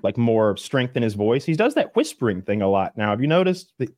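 A man chatting casually on a podcast, rambling and animated, now and then mimicking other voices. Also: mid-range voice, fairly quick, no room sound, studio quality.

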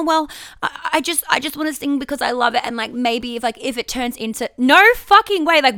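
A woman with a fairly high voice, very bright and crisp, talks frankly on her own podcast. She curses casually and often restarts her sentences as she works through her thoughts. The sound is close and dry. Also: dry recording. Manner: candid, frank and swearing, with many restarts. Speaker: podcast host. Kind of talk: casual solo podcast talk.

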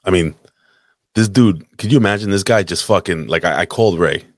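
A man with a low voice hosts a live-streamed podcast on a desk mic, telling a long, rambling story at a fairly quick pace. The chat is casual and crude, packed with swearing, and the audio is studio quality with no echo.

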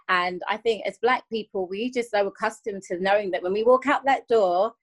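A woman's voice: mid-range voice, moderate pace, few pauses. Earnest woman, podcast guest. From England. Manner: earnest, circles back and repeats while searching for words. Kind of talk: reflective conversational interview.

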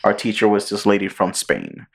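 A man co-hosting a podcast in casual chat, relaxed and swearing freely as he tells stories. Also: fairly low pitch, normal speed, gravelly, breathy edge. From Puerto Rico. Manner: laid-back, swears freely, acts out quoted voices. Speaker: podcast co-host.

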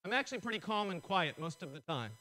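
Guy preaching a sermon, high bright voice, gets real excited, kinda strained. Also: fast talker, poor audio. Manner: excitable, preaching with rising intensity. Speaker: pastor.

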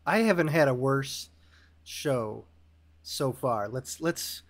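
A man's voice: medium pitch, animated, takes it slowly. Laid-back man hosting a podcast. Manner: laid-back, calls others "dude" and "man". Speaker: podcast host. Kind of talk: casual podcast chat.

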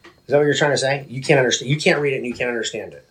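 A man's voice: mid-range voice, rapid-fire, a bit bright, rough recording. A man in a casual faith discussion presses his argument insistently. He repeats and restarts phrases as he builds his case.

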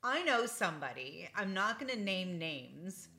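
Lively bright-voiced woman in her forties. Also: fairly low pitch, unhurried. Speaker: podcast co-host. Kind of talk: casual chat.

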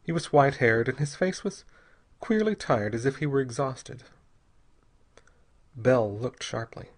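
A man narrating an audiobook chapter in a steady, even reading voice. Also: medium pitch, a little slow. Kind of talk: scripted narration.

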